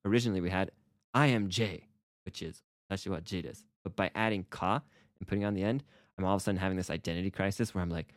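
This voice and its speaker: A man with a low voice co-hosts a relaxed Japanese lesson podcast. He explains with playful energy and acts out example phrases. The sound is close and dry, with no room echo. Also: fast. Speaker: co-host teaching Japanese. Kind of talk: casual language lesson podcast.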